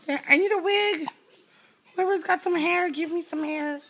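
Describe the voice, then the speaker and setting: A woman's voice: extremely high pitch, moderate pace, a bit bright, voice pushed up. A woman speaking as a sleepy, whiny newborn baby girl in a home video, with plaintive mock-crying baby talk. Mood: mock-grumpy.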